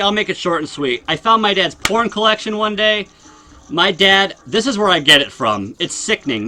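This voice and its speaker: A man's voice: a little high, sharp tone. A young man livestreaming, ranting casually and bluntly and swearing constantly. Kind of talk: casual profane rant. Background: music playing.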